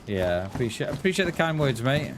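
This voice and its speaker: A man's voice: mid-range voice, very animated, a little fast. Play a chatty Welshman streaming a game, with a light Welsh lilt and a mid-range voice, over a noisy background. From Wales. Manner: chatty, friendly, talks straight to viewers. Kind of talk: casual live-stream chat while playing.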